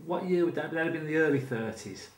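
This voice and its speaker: A man's voice: on the high side, fast talker. A man interviewing in a casual, supportive way, prompting with questions and filling in with short agreements. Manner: supportive, with frequent short backchannels. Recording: echoey room with faint background noise.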